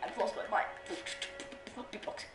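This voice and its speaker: A woman streamer chatting playfully while gaming, with bursts of excitement. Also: medium pitch, moderate pace, echoey room, music in the background, poor audio. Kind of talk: casual gameplay chat.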